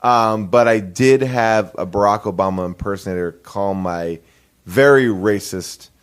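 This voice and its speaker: A man's voice: lowish voice, unhurried, clear, resonant tone. A man in his thirties, a comedian guest in an interview, telling stories in a rambling way with lots of "like" and frequent laughs. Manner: rambling, many "like" fillers, laughing often. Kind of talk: casual interview storytelling.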